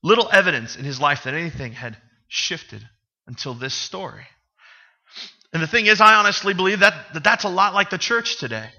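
In a church sanctuary, a pastor preaches to his congregation in a high, expressive voice at normal speed, bright and forceful, though the highs are cut off. He tells humorous stories conversationally and asks the people questions.

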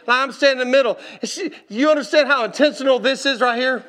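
A man preaching from the pulpit with a high voice and a bright, forceful edge. He tells his story in an animated way, laughing and calling out to the listeners as he goes. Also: quick pace. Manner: animated, laughing, calls out to the congregation. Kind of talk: storytelling sermon.

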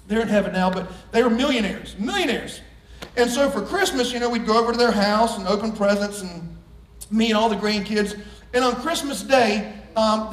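Animated high-voiced preacher in an echoey church. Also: male voice, distant mic. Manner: animated, jokes with the congregation, swings from hushed to shouting. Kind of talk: sermon. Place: church sanctuary. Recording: echoey room, voice from off-mic.

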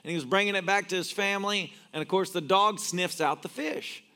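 A man's voice: sits high, fairly quick, bright, forceful tone. A man preaching a sermon as a pastor, telling stories and cracking jokes. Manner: joking storyteller. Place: church.

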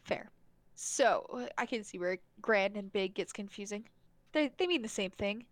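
A woman's voice: mid-range voice, lively intonation, measured pace, dry recording. A young adult woman in casual podcast chat, recapping a film with many fillers, restarts and frequent laughs. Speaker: podcast co-host. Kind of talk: casual chat reviewing a movie.

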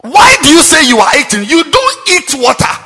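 High, bright-voiced preacher. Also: male voice, huge pitch swings, normal speed, faint music behind. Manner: forceful, repeats rhetorical questions, bursts into shouts. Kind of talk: sermon. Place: large cathedral. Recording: long cathedral reverb.

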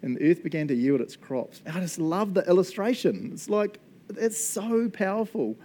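This preacher's dark voice sits high, with lively intonation at a normal speed. He gives a casual, enthusiastic sermon, chatting with the congregation, laughing often, and adding "eh?" and "right?" to his lines.

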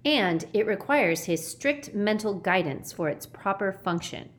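A jittery, clever young boy from a storybook reading, his voice rising high and thin as he frets. A woman puts him on while narrating. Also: animated, a little slow, lightly acted. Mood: anxious.

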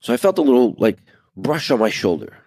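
A man's voice: medium pitch, very animated, brisk, warm tone, breathy edge. A man co-hosting a podcast, telling a story in a loose, rambling way full of fillers, sitting outdoors by a pool. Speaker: podcast co-host. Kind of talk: casual storytelling chat.

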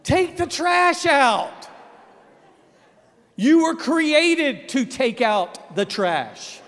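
A man preaching a sermon as pastor, joking and folksy, dropping to a hush for emphasis. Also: very high voice, sing-song, very slow. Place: church sanctuary. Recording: long hall reverb in a sanctuary.

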